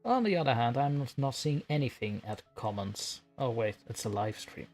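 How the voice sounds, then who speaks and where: Male streamer, casual and giggly, middle pitch, faint music behind. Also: animated, normal speed, darkish tone. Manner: scattered, self-mocking, giggly, chatty. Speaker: streamer, horror story narrator. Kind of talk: casual live-stream chat.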